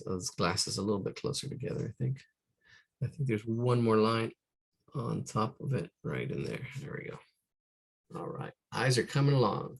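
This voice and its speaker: A man's voice: lowish voice, gravelly, slightly rough. A man teaching caricature drawing live, talking through each stroke, counting aloud and trailing off into muttered asides. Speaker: art instructor.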